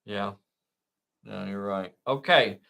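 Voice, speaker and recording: A man's voice: lowish voice, slow pace, creaky, sharp tone. A man hosting a solo tabletop game, narrating the action with play-by-play enthusiasm and often addressing viewers as boys and girls.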